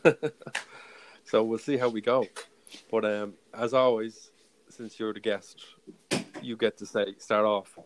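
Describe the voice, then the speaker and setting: A man hosting a casual podcast chat, chatty and quick to laugh. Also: lowish voice, fairly even intonation, a little hiss or hum. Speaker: podcast host.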